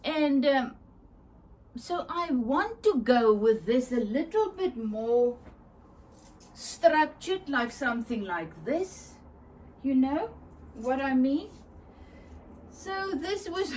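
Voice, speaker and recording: Slow, high-voiced woman. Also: sing-song, a little hiss or hum. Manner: chatty, enthusiastic, laughs often, searches for words. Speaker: craft vlogger. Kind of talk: casual show-and-tell.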